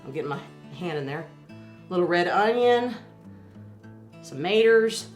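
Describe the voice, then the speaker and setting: A woman's voice: fairly low pitch, animated, unhurried, faint music behind. Folksy woman cooking in an echoey kitchen. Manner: folksy, chatty, laughs often. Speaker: cooking show host. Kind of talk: casual cooking demonstration.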